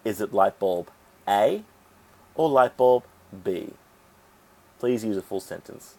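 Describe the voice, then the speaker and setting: A man teaching an English grammar lesson, explaining rules step by step and sounding out syllables deliberately. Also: on the low side, animated, dark tone.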